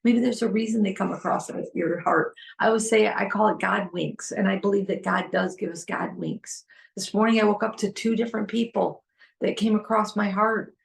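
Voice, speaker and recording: A woman's voice: medium pitch, steady tone, moderate pace, creaky. A middle-aged woman hosting a heartfelt solo podcast, talking earnestly and pleading, repeating phrases for emphasis. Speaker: podcast host.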